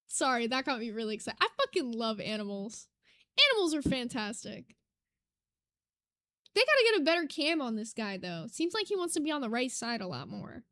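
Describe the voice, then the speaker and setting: Casting note: young woman streamer, high bright voice, excitable and casual, drops the odd swear word. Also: normal speed, no echo, studio quality. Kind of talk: casual live-stream chat. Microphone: desk mic.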